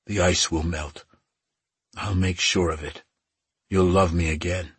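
A man voicing an intense, possessive immortal male warrior who pleads insistently, in a husky voice. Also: low-pitched, steady tone, measured pace, a bit bright, no echo, exaggerated voice.

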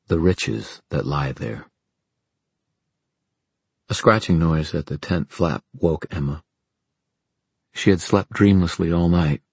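A man reading an audiobook in calm, measured narration. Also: very deep voice, slightly rough, no room sound. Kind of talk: scripted narration.

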